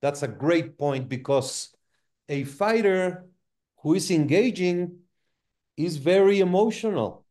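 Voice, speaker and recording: A man hosting a referee masterclass, moderating in a measured, unhurried way. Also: fairly high pitch, animated, darkish tone. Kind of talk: online seminar discussion.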